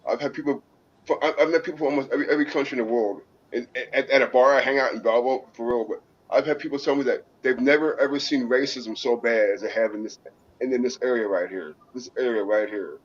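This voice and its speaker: Husky, stammering man on a muffled line. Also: medium pitch, fast. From St. Louis area. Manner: stammering, repeats words, laughs easily. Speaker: guest. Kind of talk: casual chat.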